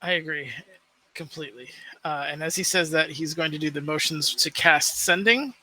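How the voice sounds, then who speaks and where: A man's voice: fairly high pitch, moderate pace, pushed and bright, slight background noise. A man playing a tabletop role-playing game, switching between narrating his character and speaking in character, laughing often. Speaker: player.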